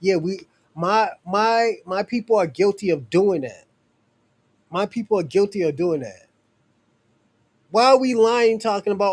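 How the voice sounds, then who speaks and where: A man speaks in a fairly high voice on a livestream. He presses his case bluntly, firing off rhetorical questions. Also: unhurried. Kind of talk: heated livestream commentary.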